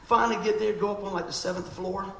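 A man preaching, his voice gravelly and pitched a little high. He tells a story with animation, acting out other people's voices. The sound is echoey, as in a church hall, with faint background noise. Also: fairly even intonation, fast, pushed and bright. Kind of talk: storytelling sermon.

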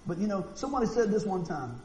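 A man preaching a sermon, animated and folksy, acting out quotes and often repeating words. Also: high voice, fast talker. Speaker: pastor. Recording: echoey room with faint noise.

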